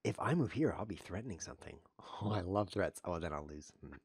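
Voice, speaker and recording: Low, husky, and fast-talking, a man gives a running commentary on his online chess game, full of self-mocking deadpan quips and sudden yelps at his blunders. It's a studio-quality recording without room sound.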